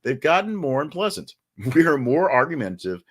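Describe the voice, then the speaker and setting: A man's voice: on the high side, sing-song, brisk. A man hosting a news podcast in a chatty, wry way, with offhand asides and restarts. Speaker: podcast host. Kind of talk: casual news podcast monologue.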